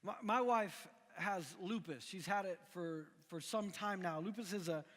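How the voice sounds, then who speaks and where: High-voiced animated man preaching in a hall. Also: a little slow. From Missouri. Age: middle-aged. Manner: animated, conversational, frequent restarts. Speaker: pastor. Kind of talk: sermon. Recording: long echoing hall reverb.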